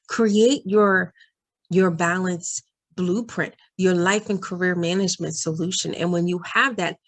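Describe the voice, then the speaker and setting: A woman coach talking straight to her viewers in an encouraging, earnest vlog, giving advice to working moms and calling them "y'all". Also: lowish voice. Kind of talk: direct-to-camera advice vlog.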